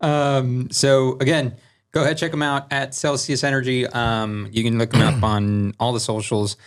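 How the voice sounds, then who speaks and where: Male podcast host, casual, halting filler-heavy delivery. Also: medium pitch, level tone. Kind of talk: casual chat with sponsor read.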